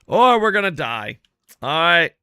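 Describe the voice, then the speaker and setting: A man streaming a video game, chatting casually with viewers in a profane, rambling, animated way. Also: on the high side, measured pace, smooth, no echo, studio quality. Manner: chats with viewers while playing. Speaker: gaming streamer. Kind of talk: casual live-stream chat over gameplay.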